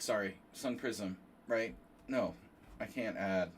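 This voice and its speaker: Fairly low in pitch, animated yet slow, a nasal male voice comes through a distant mic with slight hiss or hum. The chess streamer, hosting a tournament, keeps up casual commentary during play, rambling and joking with his chat between moves with self-deprecating asides.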